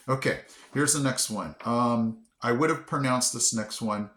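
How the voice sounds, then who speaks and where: A man chatting casually to his viewers, sounding out words haltingly with lots of fillers. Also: mid-range voice, fairly bright tone, reverberant. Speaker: vlogger. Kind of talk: casual chat to camera.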